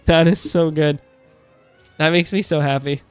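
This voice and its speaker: A man's voice: a little high, steady tone, unhurried, clear, resonant tone, no room sound, soft background music. A man in his thirties chatting casually on a live stream, rambling through asides and laughing often.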